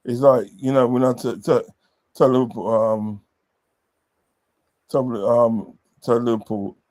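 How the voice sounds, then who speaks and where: A man's voice: medium pitch, fairly even intonation, measured pace, a little mellow. A man telling rambling, sweary football stories in a casual chat, repeating filler phrases. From southern England.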